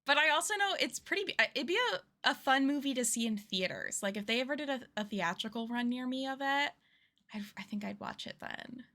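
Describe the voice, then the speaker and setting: A woman's voice: sits high, expressive, fairly quick, bright, forceful tone. A woman streamer in casual livestream chat while playing a game, chatty, giggly and self-deprecating.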